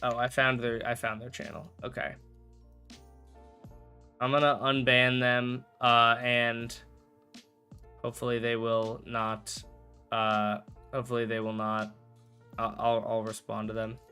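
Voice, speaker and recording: Over soft background music, a young man speaks a little slowly in a level, medium-pitched voice that is pushed and bright, leaving long pauses. While gaming on a live stream he chats loosely, rambling, correcting himself and trading jokes with chat.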